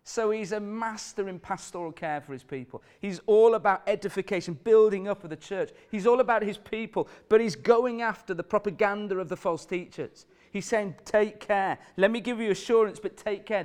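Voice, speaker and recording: A man's voice: high-pitched, normal speed, few pauses, darkish tone, clear, resonant tone. A man preaching a sermon, earnest and emphatic, putting repeated questions to the congregation.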